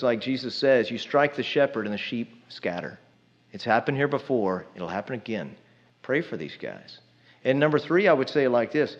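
A man's voice: mid-range voice, highs cut off. A man preaches a sermon in a conversational, emphatic way, often putting questions to the congregation.

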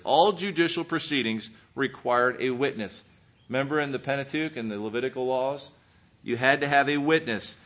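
A man preaching a sermon, earnestly reading scripture and swinging between emphatic peaks and quiet, searching questions. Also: a little high. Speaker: pastor. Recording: dull lo-fi sermon recording.

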